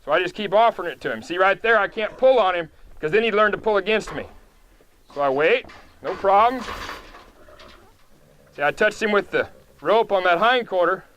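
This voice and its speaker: A man with a fairly high voice walks through a horse-training demo outdoors. He talks calmly and patiently, explaining each small step in a plain, unhurried way. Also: muffled recording, a little hiss or hum. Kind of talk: live training demonstration.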